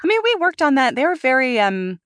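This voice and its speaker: A woman voice actor talking casually in an interview, animated, laughing often and restarting her sentences. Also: sits high, fairly quick, no echo, studio quality. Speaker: voice actor guest.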